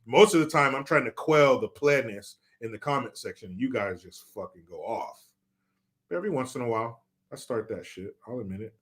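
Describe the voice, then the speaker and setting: A man's voice: medium pitch, fairly quick, fairly bright tone. A man reading viewer comments on a live stream, joking, swearing and mock-outraged.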